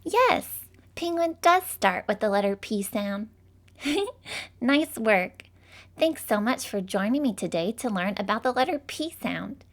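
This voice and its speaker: A woman teaching phonics to young children in a slow, sing-song, encouraging way, drawing out each sound. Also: mid-range voice, animated.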